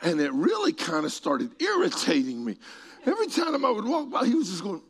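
Gravelly preacher man, dramatic swings. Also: high-pitched, huge pitch swings, a little fast. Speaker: pastor. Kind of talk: sermon storytelling.

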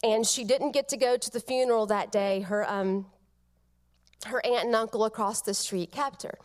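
A middle-aged woman giving a funeral eulogy, telling family stories tenderly with soft pauses. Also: a little high, fairly even intonation. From Georgia, United States.

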